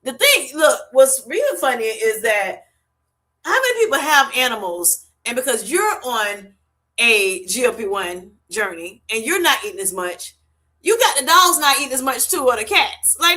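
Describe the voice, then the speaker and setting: A woman's voice: on the high side, sing-song, normal speed, bright, forceful tone. A woman hosting a casual livestream, reading viewer comments aloud, laughing often and calling people honey and baby. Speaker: livestream host reading chat. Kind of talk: casual live chat.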